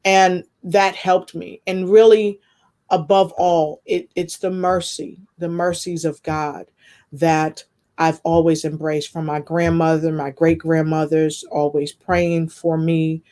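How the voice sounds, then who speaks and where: A woman guest sharing a personal testimony in conversation, earnest and expressive, with faith woven through her talk. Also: sits low, slow pace. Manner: earnest, expressive storytelling with spiritual references.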